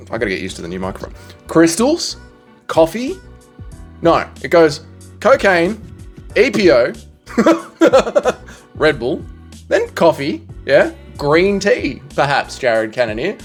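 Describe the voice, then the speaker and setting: Male commentator, slightly high voice, lively and bouncy delivery, jokey rambling tier-list talk. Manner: joking, rambling, with slangy asides. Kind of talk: casual comedic monologue.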